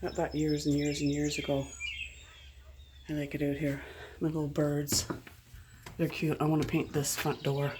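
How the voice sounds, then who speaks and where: A woman's voice: low voice, completely flat delivery, normal speed, pauses often, noisy background. Rambling middle-aged woman vlogging at home. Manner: rambling, chatty, self-interrupting. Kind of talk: casual home vlog. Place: house and garden, moving between indoors and outdoors.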